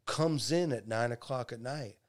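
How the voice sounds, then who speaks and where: A man in his fifties spins a rambling family story in relaxed conversation. His voice sits in an ordinary middle register. He slips into a quiet murmur when the story turns sad. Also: medium pitch, normal speed. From New York. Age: 50s. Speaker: guest storyteller. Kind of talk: casual chat.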